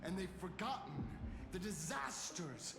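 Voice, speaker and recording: Game villain, smooth and scornful, roomy echoing sound. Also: male voice, sits high, expressive, measured pace, full character voice. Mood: condescending. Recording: roomy game audio under music.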